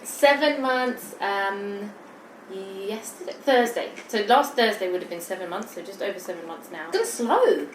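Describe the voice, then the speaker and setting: Chatting between bites in a mukbang video, a young woman vlogger from the United Kingdom sounds giggly and a touch out of breath. She has an animated mid-range voice at normal speed, recorded in an echoey room with background noise.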